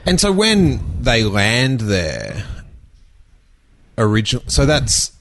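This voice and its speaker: A man's voice: medium pitch, wildly swooping pitch, slow, a bit bright, a little hiss or hum. A man interviewing a guest in casual chat, asking short questions and agreeing briefly.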